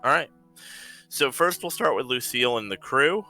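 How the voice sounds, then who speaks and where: Game master, male, very bright tone, loose chatty narration, soft music underneath. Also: medium pitch, lively intonation, moderate pace. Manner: describes scenes loosely with fillers.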